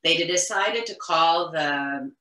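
A middle-aged woman with a low voice and a bright, forceful edge tells her story in an earnest, insistent way, looping back and restarting as she goes. The room around her is echoey. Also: slow pace. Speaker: interview guest, mother of the deceased. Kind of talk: emotional recounting in conversation.

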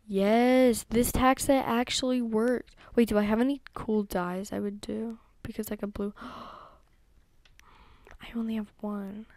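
A woman's voice: on the high side, level tone, takes it slowly, a little mellow, no room sound. A young woman giving chatty gameplay commentary, talking to herself and to her horses with many ums and whispered asides. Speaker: gaming YouTuber.

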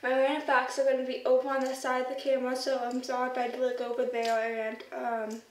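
A woman's voice: high voice, monotone, brisk. A woman chatting casually to her camera as a vlogger, rambling with lots of fillers. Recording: roomy echo, distant mic, faint noise.

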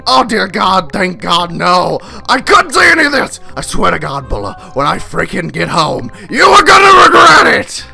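A gravelly, fiercely bright-edged voice of a proud, hot-tempered alien warrior father, as a man puts him on. He is foul-mouthed and indignant, slow to get words out yet quick to erupt, and his pitch leaps widely around a fairly high centre. He speaks in the manner of a comedic reaction parody. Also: very animated, soft background music, heavily acted. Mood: outraged shouting.

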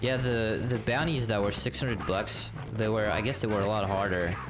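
A man with a fairly low voice keeps up a loose, profane running commentary while he plays. He chats back and forth with his viewers between moments of action. Game music and horse hooves carry on clearly behind him. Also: steady tone, normal speed. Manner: chatty and profane, answering chat while playing. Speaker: game streamer. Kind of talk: casual live gameplay commentary.

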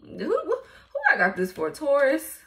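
Brief: woman tarot reader, lower-set voice, salty and blunt, quick laughs and sudden leaps in pitch. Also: animated, a bit bright. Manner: blunt, profane, laughs often. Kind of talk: casual tarot reading.

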